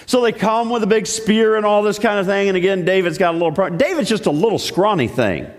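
A man's voice: sits high, fast, hardly any pauses. A man preaching a sermon, telling the story in a playful, joking way. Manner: playful, jokey. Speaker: pastor. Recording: echoey hall.

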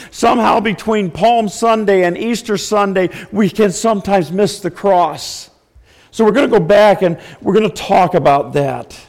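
Pastor guy preaching, high voice, hams up wailing bits, long church echo. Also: a little mellow. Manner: preaching with acted outbursts of mock wailing. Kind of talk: sermon.

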